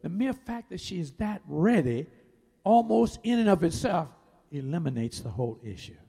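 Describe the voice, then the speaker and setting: A man in his fifties, a pastor telling a personal story in a sermon, animated and swinging from loud to near-whispered. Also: sits high, normal speed, vocal fry, breathy edge.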